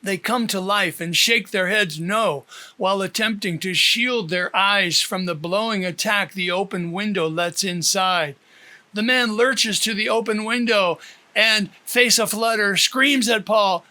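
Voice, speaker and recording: High, bright male audiobook narrator. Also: measured pace. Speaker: author reading his own novel.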